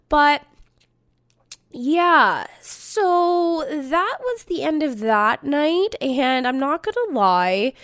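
Profane, animated woman in her thirties. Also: high voice. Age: 30s. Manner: profane, animated, laughing retelling with acted-out quotes. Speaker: storyteller. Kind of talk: casual storytelling monologue.

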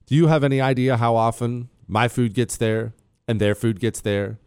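A male talk radio host in a studio, bragging in a playful, joking way and ribbing a co-host. His voice sits at a middle pitch and sounds dry and close on the mic. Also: steady tone, normal speed, a little mellow, smooth, no echo. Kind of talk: boastful casual talk radio monologue.

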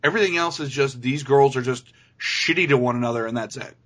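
A man with a middle-pitched voice reviews a film in casual chat. He is blunt and profane and rants in long runs. He sounds like he is talking it over with a co-host. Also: quick pace, fairly bright tone.

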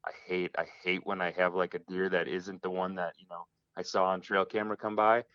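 A man's voice: sits low, flat delivery, fairly quick, a bit bright, no room sound. A man talking as a guest in an interview, earnest and reflective, often restarting his sentences, over a phone line. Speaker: hunting guest. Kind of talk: casual interview talk. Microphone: phone call.

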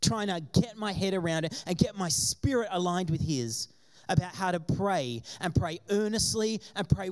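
A man from Australia preaching a sermon to his congregation, telling personal stories and acting out the voices of the people in them. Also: high-pitched. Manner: animated storytelling, acting out quoted voices. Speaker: pastor. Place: church before a congregation.

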